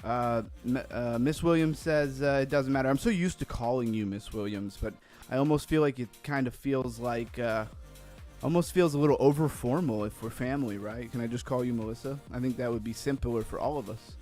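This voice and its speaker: A man's voice: medium pitch, moderate pace, a little mellow, faint music behind. A man hosting a casual crypto livestream, upbeat and rambling, a little out of breath after cardio. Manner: upbeat, reads chat names aloud, rambling. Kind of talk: casual live-stream chat.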